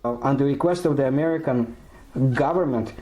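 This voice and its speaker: Guy, mellow dark voice, slow halting english, lotta ums. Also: mid-range voice, rough recording. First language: Russian. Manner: slow, halting, searching for words. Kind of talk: narration in a played video.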